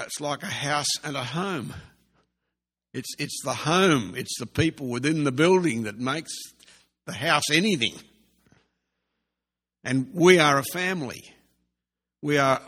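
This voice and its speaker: A man preaching a sermon in an earnest way, slowly repeating key phrases for emphasis. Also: mid-range voice, fairly bright tone. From Australia. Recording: long hall reverb.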